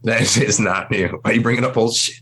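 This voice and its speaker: A man with a deep voice hosting a podcast, joking and teasing his co-hosts in casual banter. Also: steady tone, fast talker, a bit bright, husky. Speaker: podcast host.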